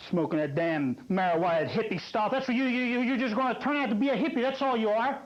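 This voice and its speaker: A man acting out an angry stammering father who scolds his son at the top of his voice, coughing and tripping over his words. The voice sits fairly high, and the sound is dull and lo-fi, like an old public access TV tape. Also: fast, close to an everyday voice.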